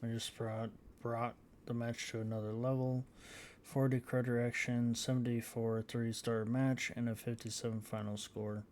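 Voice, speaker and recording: A man hosting a gaming channel, talking slowly in a flat, even tone as he works through results with plenty of ums. Faint room noise sits behind his voice. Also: medium pitch. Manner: halting, reads out scores with many fillers. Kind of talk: casual gameplay commentary.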